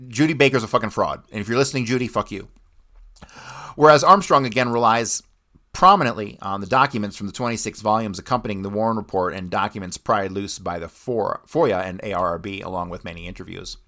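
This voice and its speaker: Swearing man with a low voice. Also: fast, pushed and bright. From United States. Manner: blunt, swears often, rants between readings. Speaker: podcast host. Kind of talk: history commentary with read-out passages.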